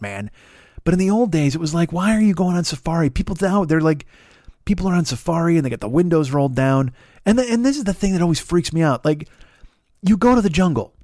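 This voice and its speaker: A middle-aged man doing a rambling, profane comedy monologue as a podcast host, full of restarts and animated rants. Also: high voice, no echo, studio quality.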